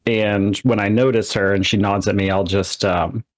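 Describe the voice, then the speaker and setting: Low, easygoing man at a tabletop game, recorded dry and close. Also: fairly even intonation, normal speed, no echo. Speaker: player. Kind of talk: tabletop role-play.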